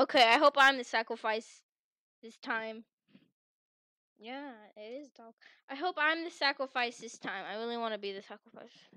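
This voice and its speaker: A woman giving playful, theatrical game commentary with friends, teasing them and swinging into mock-furious shouting. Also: on the high side, no room sound. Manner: teasing, giggly. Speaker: gaming channel host.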